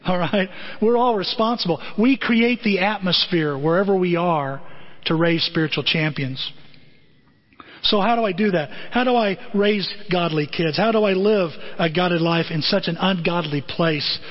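A man's voice: high-pitched, moderate pace. A middle-aged male pastor preaching a sermon in a conversational way, with many rhetorical questions. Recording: dull lo-fi audio.

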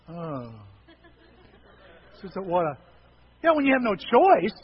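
A man's voice: sits high, wildly swooping pitch, slow, long pauses, husky, highs cut off. A man preaching a humorous sermon, telling folksy stories and jokes to a congregation.

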